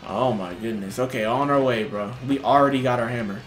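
A young man talks over a game he is playing, tossing out loud, slang-heavy jokes and reactions. His voice sits at a middle pitch and carries a roomy echo. Game music plays faintly behind him. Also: a little fast. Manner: loud, joking reactions with slang and frequent laughs. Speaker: gaming streamer. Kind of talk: casual let's-play commentary.

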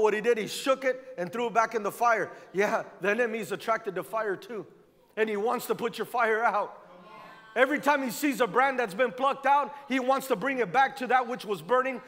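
A male pastor with a very high, slightly bright voice preaches a fervent sermon in a church sanctuary, repeating phrases to hammer his points home. Long church-hall reverb colors the recording.

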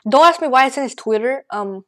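A woman rambling excitedly through casual gameplay commentary, out of breath and joking as she goes. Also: high-pitched, a little fast. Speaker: gaming channel host. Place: at home at a computer.

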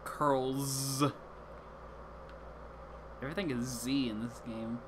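A man's voice: mid-range voice, steady tone, slow pace, background noise. A man giving casual, joking let's-play commentary, swearing often and restarting his sentences. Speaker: gamer playing through a game.

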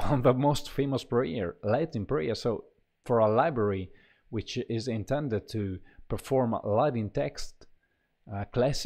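A man walks through a choir sample library, talking casually and haltingly with many fillers and restarts. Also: fairly low pitch, a little mellow. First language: Italian. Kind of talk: casual software walkthrough.

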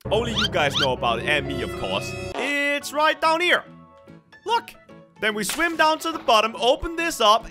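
A young man hosting a gameplay video, commentating in an excitable, dramatic way. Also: high-pitched. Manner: excitable, dramatic, shrieks at scares. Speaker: gaming video host.

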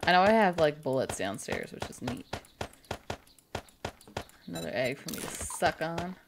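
Low gravelly-voiced woman streaming a game. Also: very animated, normal speed, background noise. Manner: chatty, crude joking, talks to chat. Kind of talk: casual live-stream commentary.

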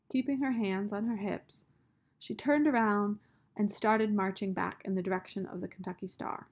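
A woman narrating a children's novel aloud in a measured storytelling manner. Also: medium pitch, fairly even intonation. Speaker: audiobook narrator.

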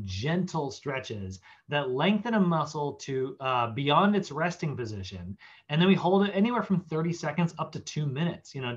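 A man giving a casual fitness class lecture, chatty and animated, acting out body parts in silly voices. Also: a little high, lo-fi sound. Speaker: fitness instructor.

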